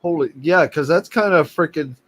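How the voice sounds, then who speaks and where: A man from Canada in his forties hosts a relaxed chat, reacting to his guest and swearing offhandedly now and then. His voice sits a little high. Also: normal speed. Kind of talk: casual chat.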